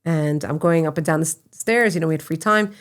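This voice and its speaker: A middle-aged woman, a podcast guest, telling personal stories in a casual, animated way that breaks into laughter. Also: low-pitched, a little fast. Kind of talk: casual conversational storytelling.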